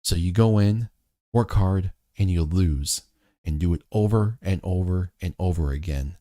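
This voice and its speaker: A man in his thirties talking earnestly to camera, telling a family story in a measured, reflective way. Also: low voice, mellow, dry recording, studio quality. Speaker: motivational vlogger.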